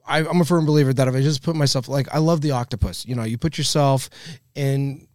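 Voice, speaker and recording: A man's voice: mid-range voice, fast, no room sound, clean studio sound. A man, a stand-up comedian, telling stories in a casual podcast chat, swearing freely and acting out the people he quotes. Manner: storytelling, animated, swears freely, acts out quoted voices.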